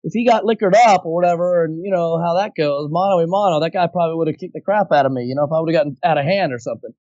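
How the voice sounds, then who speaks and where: A man, a voice actor guest, telling an animated, chatty story in a podcast interview. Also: on the high side, racing, no echo, muffled recording. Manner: animated, chatty, slips into impressions.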